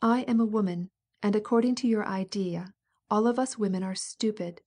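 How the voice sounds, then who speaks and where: A woman's voice: medium pitch, normal speed, natural voice. Woman reading as a bitter, indignant princess. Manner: sharp, wounded, resentful. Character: proud bitter princess, middle-aged woman.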